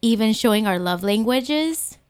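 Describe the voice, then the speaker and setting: A woman's voice: a little high, smooth. A young adult woman co-hosting a church podcast, chatting casually and reacting expressively. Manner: expressive, quick to react, playful. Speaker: podcast co-host. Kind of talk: casual chat.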